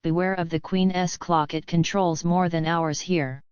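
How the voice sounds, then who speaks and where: A woman's voice: fairly low pitch, steady tone, a little slow, darkish tone, clean tone, no room sound, close to an everyday voice. A woman voicing a zany, cheerful male tea-party host who talks in riddles, recorded dull and lo-fi.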